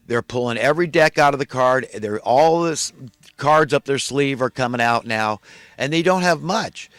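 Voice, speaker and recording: A man's voice: medium pitch, moderate pace, a bit bright, no echo. A man delivering an impassioned, indignant monologue, ranting and repeating himself as he builds his points. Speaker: online commentator.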